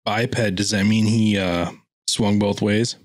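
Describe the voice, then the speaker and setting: A man's voice: fairly low pitch, fairly even intonation, slow. A man co-hosting a podcast, making dry, joking remarks in casual banter. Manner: dry wisecracks. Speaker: co-host.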